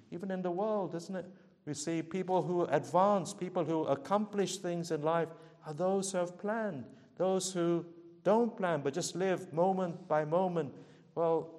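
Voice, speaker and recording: A man's voice: a little high, a little mellow, big-room sound. A man preaching a sermon, earnestly pleading with his listeners and asking repeated rhetorical questions.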